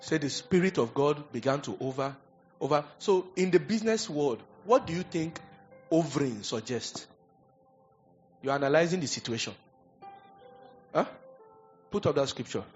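A man preaching a sermon, animated and conversational, acting out little scenes as he goes. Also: fairly high pitch, normal speed, pauses often, lo-fi sound, soft background music. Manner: animated preaching with acted asides. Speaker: pastor.

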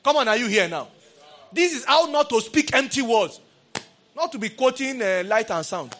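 A middle-aged man preaching a sermon, calling out to his congregation and swinging between quiet asides and raised exclamations. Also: very high-pitched, animated, normal speed. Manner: calls out to the congregation. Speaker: pastor.

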